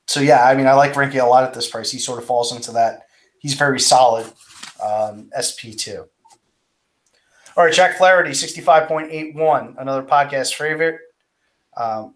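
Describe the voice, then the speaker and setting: A man co-hosting a podcast in casual chat, with many ums and restarts. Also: mid-range voice. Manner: halting, lots of restarts and ums. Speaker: podcast co-host.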